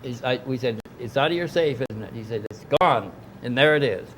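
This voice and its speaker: Brisk and lively in intonation, an older man with a mid-range, fairly bright voice tells a long, rambling anecdote as an interview guest at a club gathering. Set in the club dining room, his casual storytelling is full of asides and frequent restarts, over slight background noise.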